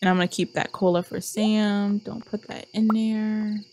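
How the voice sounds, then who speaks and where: A woman's voice: medium pitch, level tone, normal speed, noisy background. A young woman giving casual, chatty commentary while playing a game, often scolding the characters on screen. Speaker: gameplay streamer.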